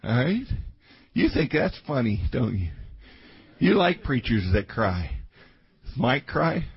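Husky-voiced man preaching a sermon. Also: medium pitch, very animated, takes it slowly. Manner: dramatic swings between loud outbursts and quiet asides. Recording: dull lo-fi sermon recording.

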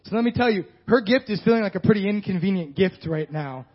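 A man's voice: high-pitched, expressive, fast talker, slightly rough. A male pastor preaching a sermon in a conversational style with joking asides. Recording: dull lo-fi sound.

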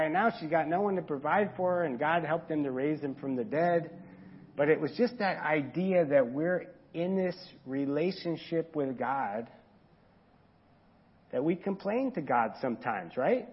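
A man preaching a sermon in a conversational way, now and then acting out quoted voices louder and higher. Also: lively intonation, unhurried, slightly rough, muffled recording. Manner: conversational, acts out quoted voices with rising pitch and volume. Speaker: pastor.

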